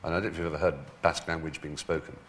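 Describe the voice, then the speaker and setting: A man's voice: extremely low pitch, little pitch movement, very fast, slight background noise. A man as a talk show guest, telling stories in a wry, theatrical way with frequent laughter. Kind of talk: anecdotal chat.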